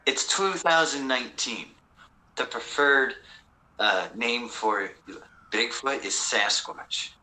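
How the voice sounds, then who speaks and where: A man guesting on a livestream, tossing out corny jokes in a very bright, ringing voice. His pitch jumps around a lot, while his delivery stays slow and unhurried. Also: expressive, low-quality recording. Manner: jokey, tells corny jokes, laughs easily. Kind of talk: casual livestream chat.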